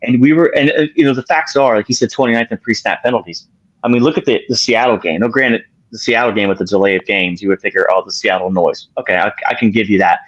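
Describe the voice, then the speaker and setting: A man's voice: on the low side, fast, fairly bright tone, dry recording, muffled recording. A man who is a guest on a casual sports talk show, talking away from the mic and rambling with fillers and self-corrections.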